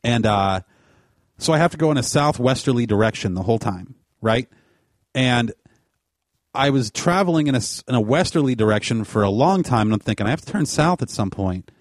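A man telling a long, rambling story in casual chat, animated and full of fillers. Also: mid-range voice, brisk, no echo, clean studio sound.

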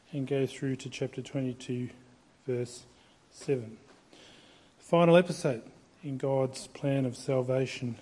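A male pastor reading scripture aloud at a church service, in a measured, steady way. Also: mid-range voice, slightly rough.

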